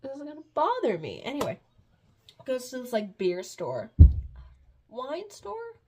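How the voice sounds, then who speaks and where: A woman with a fairly high voice recapping a book in a loose, chatty way. She rambles, stumbles over fillers and giggles often as she retells the plot. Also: big pitch swings, moderate pace, darkish tone, slight background noise. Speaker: book reviewer.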